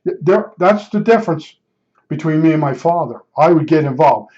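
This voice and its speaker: Older man, slightly higher voice, rambling blunt storyteller, dull lo-fi sound. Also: expressive, normal speed, warm tone. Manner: rambling, repeats himself, blunt and emphatic. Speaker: podcast storyteller. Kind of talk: casual spoken storytelling.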